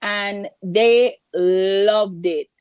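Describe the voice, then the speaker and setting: A woman's voice: mid-range voice, drawn-out words, clean tone, no echo. A Jamaican woman, a business owner, telling stories in a casual interview and acting out the voices of the people in them. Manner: animated storyteller, acts out voices in quotes. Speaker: guest entrepreneur.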